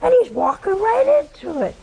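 A woman's voice: very animated, normal speed, gravelly, darkish tone, poor audio. An older woman with a Southern American accent preaching a sermon, telling a story and asking rhetorical questions. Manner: storytelling, rhetorical questions, pitch swings for emphasis.

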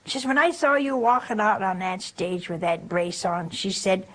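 A woman's voice: medium pitch, normal speed, hardly any pauses, fairly bright tone, poor audio. An older woman giving a spiritual talk, telling folksy stories and asking rhetorical questions. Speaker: religious speaker.

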